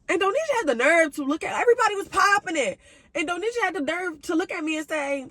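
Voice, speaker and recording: A young woman telling a casual storytime on her vlog, slangy and animated, her voice swinging between high and low. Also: fast talker. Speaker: vlogger.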